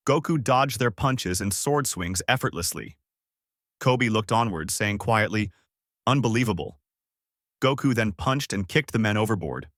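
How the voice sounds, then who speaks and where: A man reads a fan fiction story aloud with a lively, animated delivery. His pitch sits mid-range, and the recording is dry and close to the mic. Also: dry recording.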